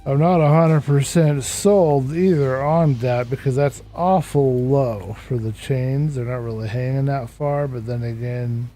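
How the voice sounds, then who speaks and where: This Minecraft streamer's voice is mid-range and dark, steady and unhurried with hardly any pauses. Sounding worn out, he builds while game music plays, talking to himself and welcoming people in chat.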